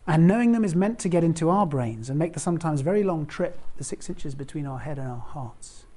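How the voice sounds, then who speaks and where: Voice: mid-range voice, lively intonation, a little fast, dark tone. A preacher giving a conversational sermon, explaining a Bible passage and putting direct questions to the congregation.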